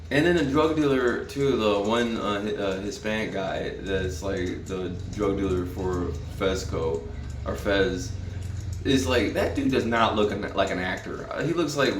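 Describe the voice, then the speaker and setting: A man's voice: fairly low pitch, slight background noise. A man giving a casual, profane, rambling spoken review of a TV episode, with frequent restarts. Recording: roomy, from a distance.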